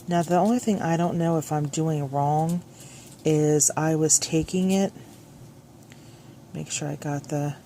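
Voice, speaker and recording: Low-voiced chatty woman crafting vlogger. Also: steady tone, measured pace, pauses often, dark tone, a little hiss or hum. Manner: chatty, scattered, self-correcting. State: a little out of breath at the start. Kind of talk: rambling crafting tutorial. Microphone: phone clipped on, hands-free.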